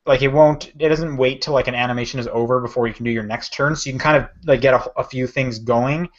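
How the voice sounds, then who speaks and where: A man's voice: mid-range voice, steady tone, fast talker. Man, podcast co-host, casual chat, rambling, self-correcting, dull lo-fi sound.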